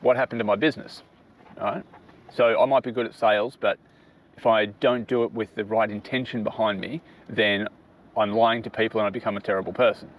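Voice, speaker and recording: A man's voice: lowish voice, slight background noise. A middle-aged man casually giving business advice to his daughter, explaining step by step and often asking "right?" to check she follows.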